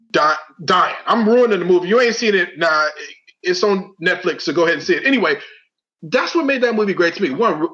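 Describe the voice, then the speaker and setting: Animated man arguing his point, lo-fi sound. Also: a little high. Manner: animated, argues his point, keeps saying listen. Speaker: podcast co-host. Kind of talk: casual chat. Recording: dull lo-fi sound.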